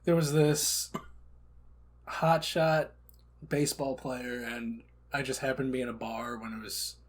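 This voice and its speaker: A man co-hosting a casual podcast chat, joking and swinging between loud and soft. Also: medium pitch, steady tone, unhurried. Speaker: podcast co-host.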